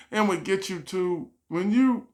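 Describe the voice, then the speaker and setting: An adult vlogger telling a stressed, rambling storytime, acting out what other people said and often sighing or laughing. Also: medium pitch. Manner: sighs and laughs while talking. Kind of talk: storytime vlog.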